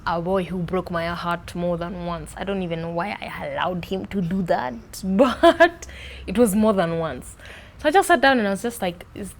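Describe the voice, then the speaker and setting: A young woman talks in a lively, expressive, casual interview manner. Her voice sits a little lower than most women's. A faint hum of noise runs behind her. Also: normal speed. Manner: animated, expressive, playful with accents. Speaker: podcast host being interviewed.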